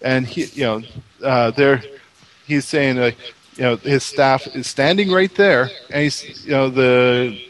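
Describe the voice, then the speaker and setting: A man's voice: mid-range voice, unhurried. A man in casual chat, telling a story in a rambling way with many restarts.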